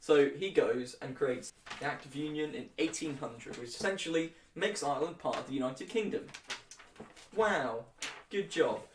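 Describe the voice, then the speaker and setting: A man's voice: on the high side, moderate pace, hardly any pauses, roomy sound, recorded from a distance, slight background noise. A young man giving a casual history lecture with jokey, flippant asides. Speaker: history tutor.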